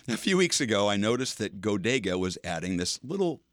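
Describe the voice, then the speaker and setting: Low-voiced older man telling a chatty story. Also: big pitch swings, fairly quick, no room sound, studio quality. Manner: chatty, curious, laughs often. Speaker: radio feature host. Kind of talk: casual storytelling on morning radio.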